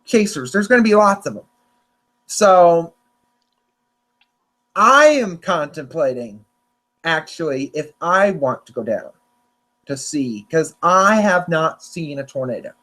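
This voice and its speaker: A man's voice: a little high, expressive, slow pace, pauses often, sharp tone. A young man hosting a casual chat, rambling with lots of restarts and self-corrections. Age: young adult. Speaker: podcast host. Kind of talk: casual chat about storm forecasts.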